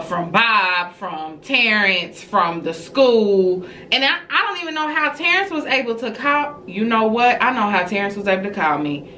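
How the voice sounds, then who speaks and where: A woman with a bright, forward voice telling a family story to her viewers in a chatty story-time vlog. She is animated and swoops up high whenever she acts out her own reactions. She speaks casually and directly to her audience. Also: a little hiss or hum, low-quality recording.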